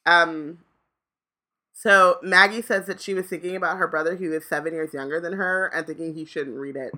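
A woman co-hosting a book podcast, with a bright, forceful voice. She speaks emphatically and often stops to restart her sentences as she searches for words. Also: on the low side, steady tone, normal speed. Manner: emphatic, trails off and restarts when moved. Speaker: podcast co-host. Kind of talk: casual book-discussion chat.

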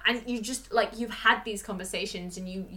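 A woman talking in a casual chat about comics, passionate and animated, with lots of "like". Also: mid-range voice, brisk.

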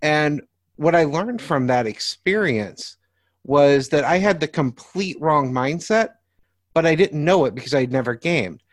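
A man's voice: a little high, animated, a little slow, no room sound, clean studio sound. A man who runs tabletop games, chatting casually on a podcast and explaining his approach with examples. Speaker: game master.

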